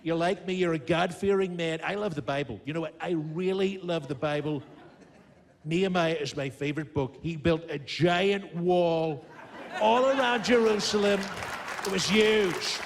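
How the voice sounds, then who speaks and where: A man's voice: a little high, moderate pace, a faint crowd, natural voice. A man impersonating a boastful older male politician who brags in repetitive superlatives. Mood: pompous. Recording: live studio audience noise.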